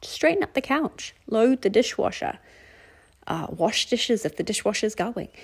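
A woman's voice: fairly high pitch, very animated, measured pace, breathy edge. A middle-aged woman from New Zealand hosting a casual solo podcast, talking candidly and conversationally with repeated phrases and self-mocking laughs. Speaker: podcast host.

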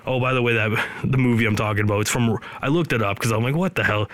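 A man's voice: mid-range voice, fast talker, a bit bright. A man in his thirties or older hosting a podcast, rambling casually with sarcastic, joking asides. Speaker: podcast host. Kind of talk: casual chat.

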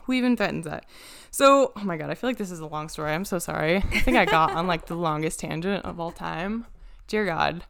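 A woman's voice: on the low side, fairly quick, gravelly, fairly bright tone, slight background noise. A young woman in casual podcast chat, telling a long story animatedly, swearing freely and acting out the people she quotes.

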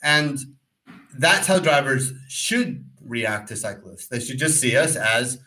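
A man co-hosting a podcast, telling a rambling, animated story in casual talk and acting out the voices in it. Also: mid-range voice, takes it slowly, rough recording. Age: adult, former pro cyclist. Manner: rambling, animated, acts out quotes. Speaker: podcast co-host.

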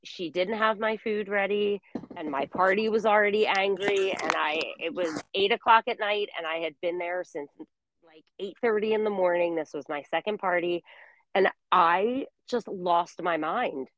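A woman's voice: mid-range voice, normal speed, fairly bright tone, no echo, low-quality recording. A woman in her forties telling a story in casual chat, full of fillers. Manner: chatty storytelling, many fillers. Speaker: guest.

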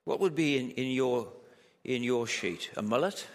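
A male preacher delivers a sermon in a relaxed, conversational way, dropping quips and firing rhetorical questions at his congregation. His mid-pitched voice carries a long, lingering reverb from a large hall. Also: unhurried. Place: hall at a church camp.

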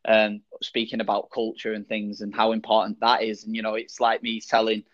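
A man's voice: lowish voice, monotone, a little fast, fairly bright tone. Podcast host guy, laid back, swears casually, muffled lo-fi audio. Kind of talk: casual interview chat. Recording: dull lo-fi sound.

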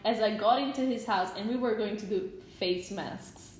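A young woman telling stories in a casual chat, animated, laughing often and swearing. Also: mid-range voice, normal speed, echoey room.

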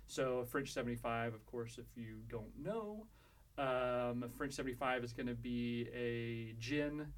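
Male podcast co-host, casual, mid-range voice, explains recipes step by step, halting with fillers. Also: medium pitch. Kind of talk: casual chat.

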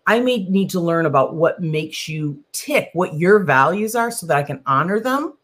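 A woman leadership coach talking in a podcast conversation, animated and acting out the people she quotes. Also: fairly low pitch, normal speed. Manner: animated, acts out quoted voices.

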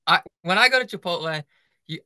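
A man's voice: high voice, lively intonation, fairly quick, sharp tone, smooth, dry recording. A young man co-hosting a running podcast, chatting casually and filling his talk with "like". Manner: filler-heavy, lots of "like". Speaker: podcast co-host. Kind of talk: casual chat.

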